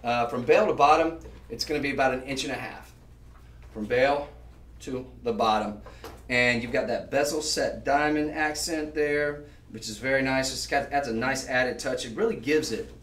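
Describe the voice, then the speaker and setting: A man hosting a live shopping show, chatting on and piling up descriptive words as he pitches. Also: moderate pace, a bit bright, recorded from a distance, a little hiss or hum. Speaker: shopping channel host. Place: shopping channel studio. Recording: roomy sound, voice off-mic.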